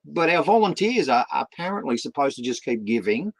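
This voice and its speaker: Australian male, fifties, gravelly, fervent interview guest who stammers into sermons. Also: mid-range voice, sing-song, a little fast, dry recording, poor audio. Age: 50s. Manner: impassioned, repeats words and restarts, preaches with rising emphasis. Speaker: guest, community partnerships founder. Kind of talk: passionate conversational interview.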